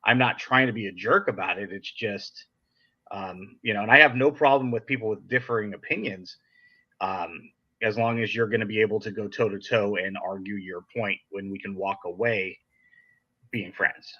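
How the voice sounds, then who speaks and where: A man's voice: fairly low pitch, moderate pace, husky. A man hosting a casual podcast chat, talking in a blunt, direct, sarcastic way. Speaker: podcast host. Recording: dull lo-fi sound.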